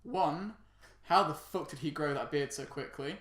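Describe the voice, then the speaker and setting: A man's voice: on the high side, normal speed, fairly bright tone. A young man co-hosting a casual film-review podcast, chatty, swearing casually and laughing often. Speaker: podcast co-host. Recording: roomy echoing room.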